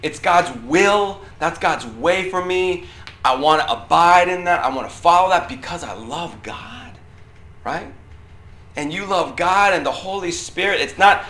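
A middle-aged man with a loud voice that carries, giving a casual youth sermon to a group of students and often checking in with "right?". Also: high voice, animated, a little slow. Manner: conversational, often checks in with 'right?'. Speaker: youth pastor. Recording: roomy echo.

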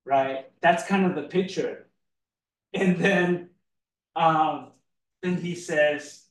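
Slow, chatty male preacher in an echoey hall. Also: fairly high pitch, slight background noise. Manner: chatty, laughs often, keeps asking "right?". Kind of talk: conversational sermon. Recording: echoey room, mic far off.

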